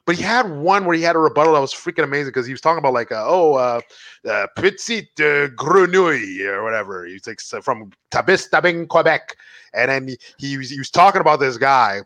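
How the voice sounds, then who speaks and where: A man telling comedy stories on a casual chat show, his pitch leaping around. He swears freely, stumbles and restarts mid-sentence. The sound is dry and close. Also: fairly quick, no echo. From Montreal, Canada. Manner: animated storyteller, swearing, many restarts. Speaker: podcast co-host.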